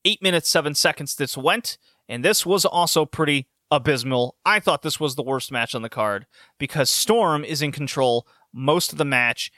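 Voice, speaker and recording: Male wrestling reviewer, opinionated and sarcastic, slightly high bright voice, dry recording. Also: normal speed, no room sound. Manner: sarcastic, opinionated, frequent self-corrections. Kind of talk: casual recap and commentary.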